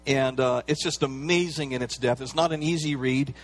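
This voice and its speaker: A pastor preaching a sermon in a relaxed, conversational way, with playful asides and everyday fillers. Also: male voice, mid-range voice, normal speed, faint music behind.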